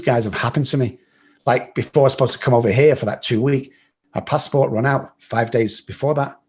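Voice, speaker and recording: A middle-aged English man with a husky, slightly breathy voice tells his story as a podcast guest. He talks bluntly, swears freely and acts out what other people said. His pitch sits in an ordinary male middle range. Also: a little mellow. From England. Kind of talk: storytelling in an interview.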